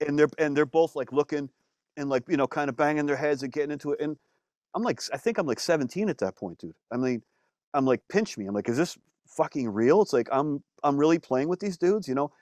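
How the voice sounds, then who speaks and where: A man, a musician guest, telling stories in a casual interview, animated, with lots of fillers and some swearing. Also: a little high, fast, no room sound, studio quality.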